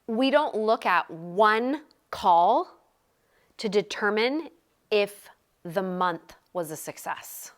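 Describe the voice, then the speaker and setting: A sales coach in her thirties leads a group over a live video call. Her medium-pitched, animated voice comes in quick, energetic bursts, and she repeats phrases for emphasis.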